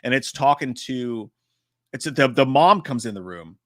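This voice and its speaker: A man hosting a live stream, chatting casually and profanely about horror trailers with a joking, animated manner. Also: medium pitch, a little slow, no room sound, clean studio sound.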